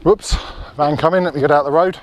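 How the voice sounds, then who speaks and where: A slightly high-voiced man talks straight into a handheld camera as he walks along a narrow country road. He rambles in a friendly, chatty way. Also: fairly even intonation, fairly quick, dry recording. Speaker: outdoor vlogger. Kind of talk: casual chat to camera.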